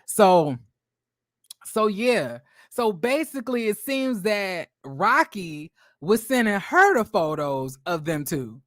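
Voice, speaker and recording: Give me an excitable male gossip host who swears and stumbles over restarts, recorded dry. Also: sits high, takes it slowly, no echo. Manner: animated, profane, stammering restarts. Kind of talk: celebrity gossip commentary.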